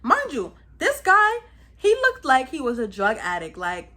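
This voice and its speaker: A young woman from Brooklyn with a New York accent, telling a story in a lively, slangy, casual vlog style. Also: high voice, unhurried. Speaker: vlogger.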